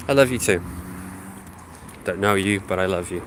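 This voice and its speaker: This host's voice sits low, at normal speed and fairly bright in tone, with slight background noise. Suffering a sniffly sinus infection, he walks his dog through a housing estate and chats casually, full of ums, to viewers through a phone he carries.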